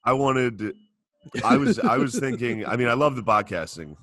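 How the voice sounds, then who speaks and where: A man's voice: medium pitch, huge pitch swings, normal speed, fairly bright tone, no echo, studio quality. A man co-hosting a comedy podcast, reacting in short bursts with frequent laughter. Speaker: podcast co-host. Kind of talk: casual comedy podcast chat.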